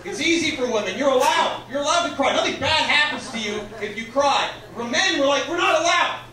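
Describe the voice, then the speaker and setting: A man's voice: very high voice, brisk, pushed and bright. A young man from Canada doing a stand-up comedy set, rambling and self-deprecating and then building into exasperated rants. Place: comedy club stage with audience. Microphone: handheld stage mic, filmed from far in the room. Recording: echoey club recording from far off.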